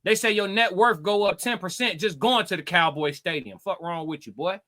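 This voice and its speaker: A man's voice: high voice, moderate pace, pushed and bright. A man hosting a live reaction stream, reading his chat aloud and answering with brash, profane, taunting trash talk that repeats itself.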